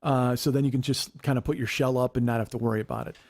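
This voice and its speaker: A man in his forties hosting a podcast, telling a story in casual chat, profane, animated and self-mocking. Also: mid-range voice, fast talker. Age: 40s. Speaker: podcast host.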